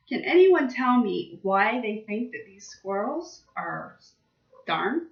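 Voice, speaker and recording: A young woman teaching vocabulary to small children, speaking slowly and with exaggerated emphasis. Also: a little high, lively intonation. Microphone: laptop webcam. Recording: distant, roomy, dull webcam audio.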